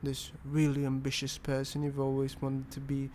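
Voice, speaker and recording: A British man playing a caring young boyfriend in a boyfriend ASMR role-play, speaking softly and hesitantly. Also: mid-range voice, monotone, moderate pace, slight background noise, lightly acted. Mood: tender. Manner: soft, hesitant, with restarts.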